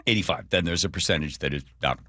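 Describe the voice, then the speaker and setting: A man's voice: deep voice, fast, no room sound, clean studio sound. A man hosting a radio talk show, chatting casually in a wry, joking way. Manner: wry, joking, animated storyteller. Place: radio studio.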